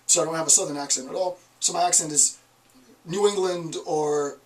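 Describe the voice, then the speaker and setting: A man's voice: fairly high pitch, steady tone, fairly quick, distant mic, poor audio. A man with a Northeast American accent giving a college lecture, talking emphatically and asking rhetorical questions. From Northeastern United States. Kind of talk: classroom lecture.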